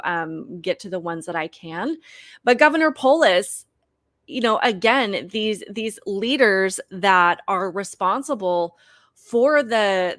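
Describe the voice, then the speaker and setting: A woman's voice: mid-range voice, fairly bright tone, no room sound. Indignant woman commentator, dry close sound. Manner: indignant, emphatic, with restarts. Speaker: political commentary host. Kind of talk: opinion commentary.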